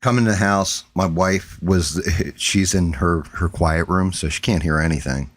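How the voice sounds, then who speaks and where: Deep-voiced guy on his stream rambling through a story, swearing a lot, lots of restarts. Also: unhurried. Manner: rambling, profane, restarts often. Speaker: stream host. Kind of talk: casual storytelling chat.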